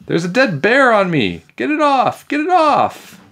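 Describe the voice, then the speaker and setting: A man's voice: mid-range voice, expressive, normal speed, a little mellow, pitched above the performer's own voice, close to an everyday voice. A man voicing a frantic little girl who screams in panic. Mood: panicked shrieking. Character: shrieking panicky schoolgirl.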